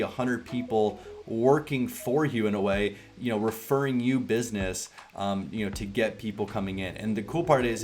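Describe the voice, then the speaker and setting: Fast-talking Southern man coaching casually. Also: medium pitch. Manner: relaxed, rambling, drawling. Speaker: online business coach. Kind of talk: casual sales tutorial.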